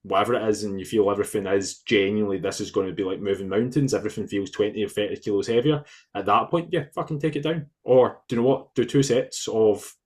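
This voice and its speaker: A man on a fitness podcast talks in a low, husky voice. He explains things casually, restarting sentences and dropping the odd swear word as he chats over a remote call. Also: fast. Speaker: podcast co-host, fitness coach.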